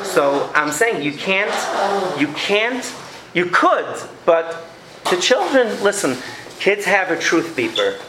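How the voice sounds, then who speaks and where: Man, lecturer, animated, acts out scenes, slightly high voice, roomy echo. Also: slow, noisy background. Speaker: educator giving a parenting talk. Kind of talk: lecture with audience questions.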